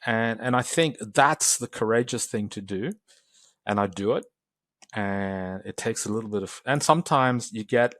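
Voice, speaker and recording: A man in his forties, a podcast guest, telling personal stories in a lively way and acting out the remarks of others. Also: fairly low pitch, moderate pace, no echo, studio quality. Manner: animated storytelling, acts out quoted exchanges. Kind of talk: podcast interview.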